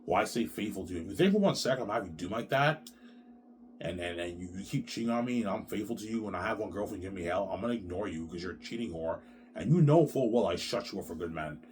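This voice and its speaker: Fast-ranting, low-voiced middle-aged man. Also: animated, darkish tone, a little hiss or hum. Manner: profane, repetitive, ends phrases with "man". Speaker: vlogger. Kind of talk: ranting monologue.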